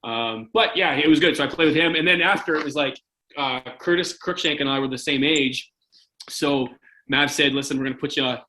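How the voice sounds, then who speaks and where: A man's voice: a little high, moderate pace, bright, forceful tone, rough recording. A man in his forties from Canada, a former hockey goalie telling stories in a casual interview, rambling with lots of "like" and "right?".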